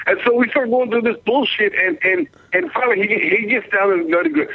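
A man's voice: high voice, brisk, hardly any pauses, a bit bright, breathy edge. A Southern man from Texas calling into a radio show, telling stories in casual, profane chat. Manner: profane, storytelling with mocking quotes. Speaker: caller. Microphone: phone line. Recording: lo-fi phone-in audio.

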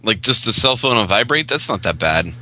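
A man's voice: on the low side, animated, a little fast, pushed and bright, no room sound. A man in casual chat, blunt and profane with a dry delivery.

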